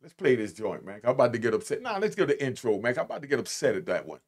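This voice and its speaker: A man's voice: mid-range voice, very animated, over music. Blunt streetwise man commenting. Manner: blunt, emphatic streetwise talk, drawn-out stresses. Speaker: commentator reacting to played clips. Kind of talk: casual reaction commentary.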